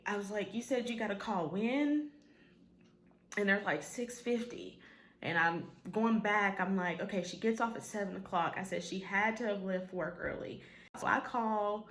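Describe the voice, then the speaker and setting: A woman recounts a painful personal story straight to camera in a casual vlog. Her voice sits at an ordinary middle pitch, and she talks with lots of "like" and "um". The room around her is echoey. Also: a bit bright. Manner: emotional retelling, quoting others, filler-heavy. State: tearful at times. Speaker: vlogger.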